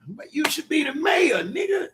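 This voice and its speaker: A man telling stories in a loud, excitable podcast chat, acting out other people's lines. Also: very high-pitched, moderate pace. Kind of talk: animated storytelling chat.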